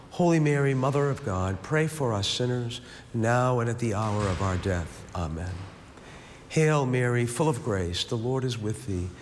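Male prayer leader, measured rosary recitation, reverberant room, light background noise. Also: mid-range voice. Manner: steady rhythmic recitation, falling on each amen; slow reflective speaking in the meditation. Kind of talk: leading a recited rosary with a meditation. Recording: long reverb, faint background hiss.

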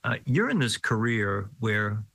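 Male host, middle-aged, low voice, dry close sound, chatty interviewer. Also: big pitch swings, unhurried, gravelly, fairly bright tone, no echo, low-quality recording. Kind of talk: conversational interview.

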